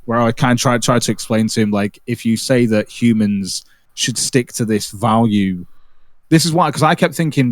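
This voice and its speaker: A man hosting a livestream, telling stories in an animated, casual way with frequent swearing. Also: medium pitch, moderate pace, no room sound, clean studio sound. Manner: animated storytelling, swears freely, many restarts. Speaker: livestream host. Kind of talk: casual chat.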